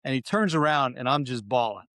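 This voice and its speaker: A middle-aged man from New York recounts his career in an earnest, conversational way, stopping and restarting his sentences often. His voice is smooth and clear at an average pitch. The recording is dry and close, with no room sound. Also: animated, fairly quick, a bit bright, no room sound. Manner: frequent restarts and fillers, earnest. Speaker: university president, guest. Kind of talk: conversational storytelling.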